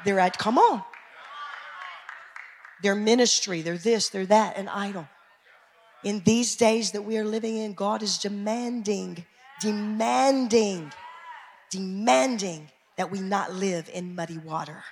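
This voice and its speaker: A woman pastor with an American country accent, preaching a fervent sermon that swings from shouting to quiet asides. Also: medium pitch, gravelly, a little hiss or hum. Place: church sanctuary. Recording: echoey church hall.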